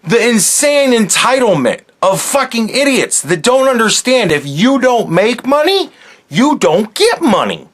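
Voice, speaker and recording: Male podcast host, angry sarcastic rant, high pitched and very animated. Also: measured pace. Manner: angry, profane, sarcastic ranting.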